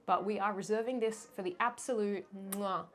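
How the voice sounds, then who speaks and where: A woman's voice: medium pitch, steady tone, brisk. Playful self-mocking young woman vlogger. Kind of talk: casual chatty fashion ranking.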